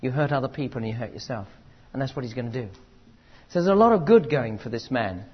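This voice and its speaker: A man preaching a sermon, animated, moving from loud urgent emphasis to quiet asides, on a dull lo-fi recording. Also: medium pitch, fast, a little hiss or hum.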